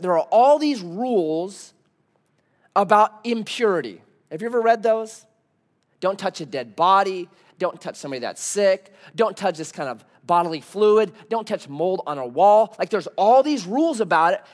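Animated high-voiced male preacher. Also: normal speed. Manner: conversational preaching with rhetorical questions and storytelling. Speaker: pastor. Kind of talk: sermon.

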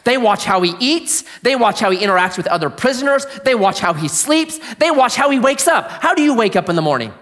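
This pastor talks fairly fast and barely pauses, his fairly high voice climbing and falling broadly through a lively sermon. He quizzes his listeners as he tells the story, then sinks to a hush to underline what matters.

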